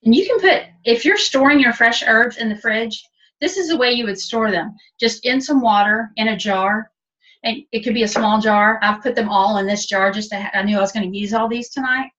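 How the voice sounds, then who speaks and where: A cooking instructor walks through a chatty, practical step-by-step demonstration in a kitchen, her fairly high, somewhat bright voice moving fairly quickly. The webinar audio sounds distant and dull.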